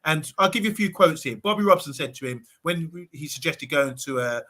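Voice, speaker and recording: A man on a live football fan panel with a very bright, forceful voice, pitched a little high. He tells his stories with animation and slips into quick impressions of the people he quotes. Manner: animated storytelling, quoting others in acted voices. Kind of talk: live online football talk.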